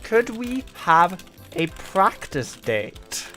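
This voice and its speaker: A man putting on a meek, slow voice for a shy young man asking for a date. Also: sits high, very animated, sharp tone, soft background music, voice pushed up, exaggerated voice. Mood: timid.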